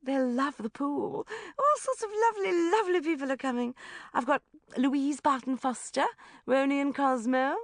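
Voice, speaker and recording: A woman voicing an effusive posh socialite who gushes breathlessly in a high, loud voice, for an audiobook. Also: sing-song, moderate pace, no echo, exaggerated voice. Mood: gushing.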